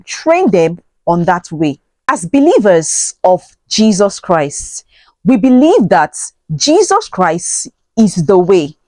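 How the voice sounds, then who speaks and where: A woman's voice: mid-range voice, a little mellow, dry recording. A woman hosting a parenting channel, giving earnest, preachy advice to camera with rhetorical questions and many fillers.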